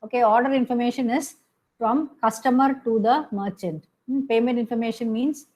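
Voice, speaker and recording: A woman's voice: fairly high pitch, steady tone, normal speed, darkish tone, low-quality recording. A woman giving a recorded lecture, explaining step by step with frequent "okay" and "hmm" fillers and self-corrections.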